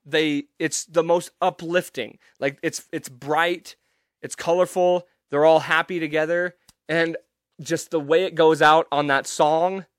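A young man talks through a casual solo podcast in a slightly raised voice. He is emphatic and rambling, full of swearing and quick restarts. The sound is dry and close, with no room around it. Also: a little high, a bit bright, dry recording. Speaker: podcast host.

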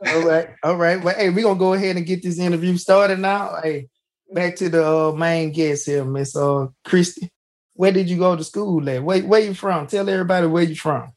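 A man's voice: high voice, steady tone, moderate pace. A man hosting a podcast, telling a personal story in a folksy way, often starting with "hey" and restarting his sentences. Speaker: podcast host. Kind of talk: casual storytelling.

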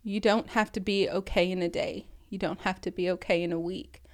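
A woman's voice: lowish voice, fairly even intonation, fairly quick. A woman in her thirties, a podcast co-host, sharing a painful personal story in a tearful, scattered way, often laughing through the tears. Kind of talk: emotional personal testimony.

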